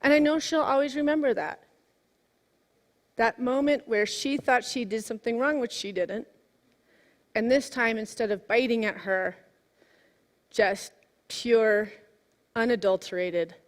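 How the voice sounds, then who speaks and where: A woman in her forties giving a sermon, telling a personal story in a lively way that swings from hushed to exclaiming. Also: fairly high pitch, slow pace, pauses often. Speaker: minister. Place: church sanctuary. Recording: long hall reverb.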